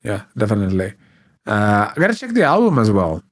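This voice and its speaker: A man co-hosting a podcast in casual chat, hoarse and sick with flu, hesitant and full of fillers. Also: on the low side, wildly swooping pitch, a little fast. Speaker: podcast co-host.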